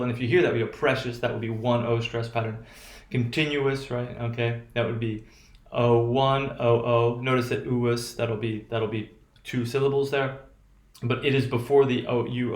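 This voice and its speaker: A man teaching a pronunciation lesson in a halting way, with many restarts and a repeated "right?" tag. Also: medium pitch, roomy sound. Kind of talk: recorded classroom lecture.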